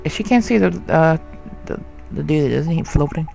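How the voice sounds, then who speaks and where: A man's voice: on the high side, expressive, normal speed, creaky, darkish tone, faint music behind. A man casually commenting on a game he is playing, in dry, offhand asides. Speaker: let's play host.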